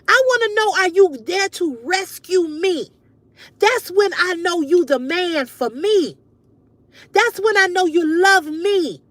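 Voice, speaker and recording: High-voiced woman giving frank livestream advice. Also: fairly bright tone, dry recording. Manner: emphatic, frank, swears freely. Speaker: livestream host. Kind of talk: casual advice chat to viewers.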